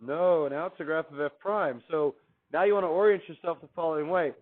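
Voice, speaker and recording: A man's voice: a little high, brisk. A man teaching a math class, chatty and upbeat, putting questions to the class and answering them himself. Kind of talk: classroom lecture. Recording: tinny, phone-like recording.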